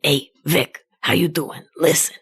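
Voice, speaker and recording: A woman's voice: low voice, a little slow, fairly bright tone, breathy edge, exaggerated voice. A woman voicing her cheerful, food-loving father in his seventies, who rambles happily about what he cooked. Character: chatty seventy-something Argentine dad, food-loving.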